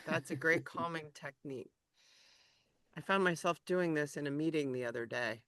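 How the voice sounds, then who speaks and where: A chatty woman hosts a friendly health group, laughing often as she talks. Her voice is bright and crisp. The sound is dry, with no room echo. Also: sits low, a little fast. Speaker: health coach hosting a group session. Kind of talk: casual group chat.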